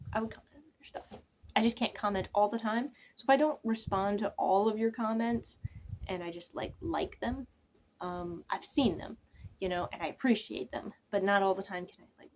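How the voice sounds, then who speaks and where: A woman's voice: mid-range voice, a little hiss or hum. A young woman chatting casually to her viewers, rambling, trailing off and restarting, often sinking to a near whisper. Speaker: channel creator. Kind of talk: casual chat to camera.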